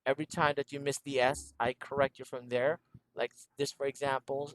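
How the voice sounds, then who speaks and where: A man's voice: mid-range voice, level tone, brisk, a bit bright, a little hiss or hum. A man teaching a one-on-one English lesson over a video call, patiently repeating instructions and laughing often. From Philippines.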